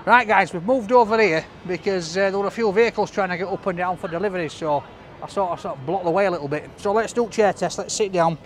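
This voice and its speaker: A man's voice: high voice, quick pace, slight background noise. A man, chatting cheerfully and jokily to camera as a food-review vlogger on a city side street. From Leeds. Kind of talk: casual chat to camera.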